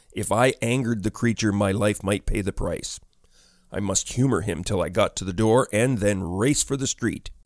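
A man narrating a ghost story in a measured storytelling delivery. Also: on the low side, darkish tone, no room sound, clean studio sound.

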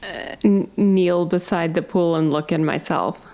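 A woman's voice: lowish voice, fairly even intonation, measured pace, mellow. A woman playing a tabletop role-playing game, describing her character's actions tentatively. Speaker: player.

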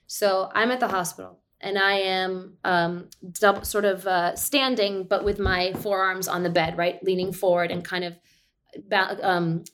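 A woman, an adult mother of two, tells her birth story as a podcast guest, chatting away with plenty of "like" and "you know." Her medium-pitched voice is steady, unhurried, and a bit bright, with a little hiss or hum in the recording.

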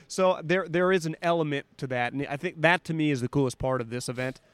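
A man's voice: fairly high pitch, a little fast, clean tone, dry recording. A man co-hosting a sports podcast, telling anecdotes in casual chat and acting out what people said. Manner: animated storyteller, acts out quotes. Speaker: podcast co-host.

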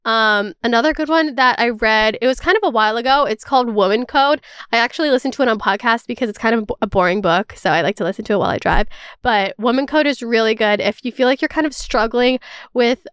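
High, clear-voiced young woman rambling. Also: quick pace, a bit bright, no room sound, clean studio sound. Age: 20s. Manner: rambling, fills with "like", swears freely; candid and emotional. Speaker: podcast host. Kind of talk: casual chat.

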